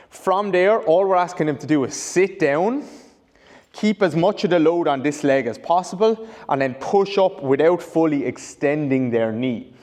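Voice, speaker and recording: A male rehab coach demonstrates an exercise in a training room with a whiteboard, explaining as he goes and restarting to correct himself. His voice is on the high side and a little mellow. The large room gives the recording a long, echoey reverb.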